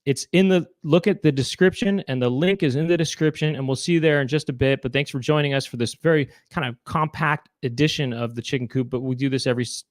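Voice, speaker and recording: A man hosting a live online chat show at a middle pitch, rambling through announcements and correcting himself as he goes. The sound is dry and close. He talks casually. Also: fast, few pauses, dry recording. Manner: rambling, self-correcting, breaks into silly impressions. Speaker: show host.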